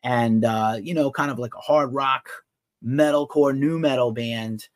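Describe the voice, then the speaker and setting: A man's voice: mid-range voice, measured pace, no echo, clean studio sound. A man hosting a live rock and metal news podcast, chatting loosely and reacting to viewer comments as he goes. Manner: loose, rambling, reads chat comments aloud. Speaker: podcast host. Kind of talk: casual live news show chat.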